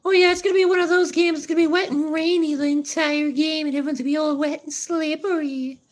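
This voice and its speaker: A woman chatting casually on a stream with quick, playful commentary and some swearing. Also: sits high, fairly even intonation. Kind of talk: casual chat and game commentary.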